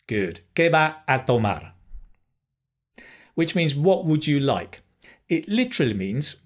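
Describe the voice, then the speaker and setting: Slow, husky man teaching a lesson. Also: mid-range voice. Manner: slow, careful, encouraging, pauses for repetition; switches between English and Spanish phrases. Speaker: Spanish teacher. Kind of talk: language lesson.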